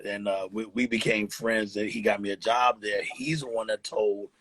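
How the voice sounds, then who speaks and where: A man's voice: fairly low pitch, fairly even intonation, normal speed, fairly bright tone, slightly rough, dry recording, poor audio. A man in his fifties from Texas, telling stories in a rambling, casual way on a live phone stream. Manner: rambling, restarts and "you know" fillers. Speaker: host of a live chat. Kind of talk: casual storytelling chat. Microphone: phone on a live video stream.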